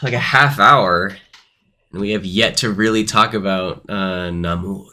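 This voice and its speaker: A man co-hosts a casual movie review podcast, rambling, hedging and correcting himself as he talks. His voice is low and pushed bright, and he speaks a little slowly.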